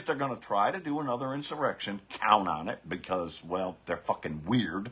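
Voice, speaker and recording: A man's voice: on the low side, moderate pace, hardly any pauses, sharp tone, slightly rough. A man doing a profane live-streamed political rant to his viewers on his phone, fiery and swearing, repeating his catchphrases. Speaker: biker vlogger.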